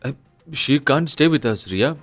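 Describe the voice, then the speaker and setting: An actor playing a guilty, cheating husband who sounds flustered and pleading. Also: male voice, medium pitch, expressive, measured pace, dry recording, soft background music.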